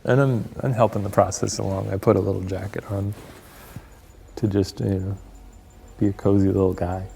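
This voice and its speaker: Low gravelly man, dry wry remarks. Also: level tone, normal speed, pauses often, warm tone, slight background noise. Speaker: ghost hunting show co-host. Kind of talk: casual deadpan commentary.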